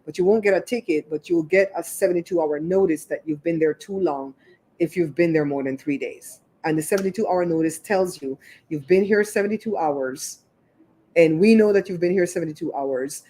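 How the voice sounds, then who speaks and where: A woman's voice: lowish voice, brisk, warm tone. A woman hosting her own livestream, chatting casually and retelling a neighborhood story with lots of asides. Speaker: show host.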